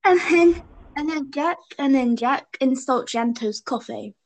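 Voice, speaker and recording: A woman's voice: high voice, a little slow, darkish tone, a little hiss or hum. Rambling young woman chatting. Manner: rambling, giggly, keeps saying "and then". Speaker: podcast co-host. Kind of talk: casual fan chat over a call.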